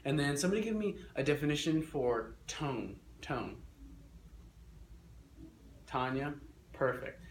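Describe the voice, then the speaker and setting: A young man teaching a classroom lesson, energetic and coaxing, repeating his instructions. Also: mid-range voice, measured pace, pauses often. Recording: echoey classroom with faint noise.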